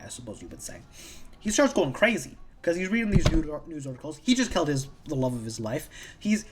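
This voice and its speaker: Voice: mid-range voice, slightly rough. A casual comic book reviewer recapping a story in a rambling, profane way that often repeats itself.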